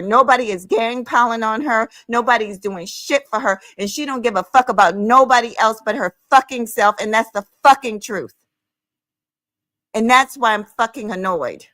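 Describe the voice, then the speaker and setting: A woman's voice: a little high, moderate pace, pushed and bright, dry recording. A middle-aged woman hosting a livestream, ranting angrily in a profane, confrontational, taunting way. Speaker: livestream host. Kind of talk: angry livestream rant.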